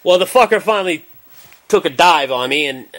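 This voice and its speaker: A man's voice: a little high, lively intonation, fairly quick, fairly bright tone. A man hosting a casual podcast, swapping profane school stories and laughing along. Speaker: podcast host. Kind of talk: casual chat.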